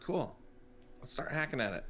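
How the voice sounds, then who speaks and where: A player at a tabletop game, chiming in with playful, quick interjections. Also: mid-range voice, expressive, fairly bright tone, husky. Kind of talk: tabletop game play, casual chat.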